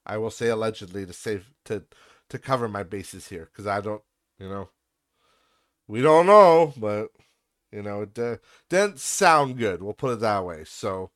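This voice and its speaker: A man's voice: on the low side, expressive, measured pace, a bit bright, dry recording, studio quality. A young man hosting a podcast, ranting in a profane, sarcastic and exasperated way. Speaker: podcast host.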